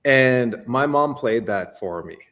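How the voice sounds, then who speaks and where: A Canadian man talking as a guest in a casual interview, animated, with stammering restarts and lots of fillers. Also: medium pitch, slow.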